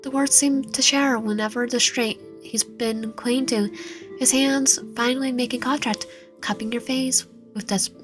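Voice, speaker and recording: A woman's voice: a little high, fairly even intonation, normal speed, over music. A woman reading a romance visual novel aloud, with frequent slips and self-corrections. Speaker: gaming channel host.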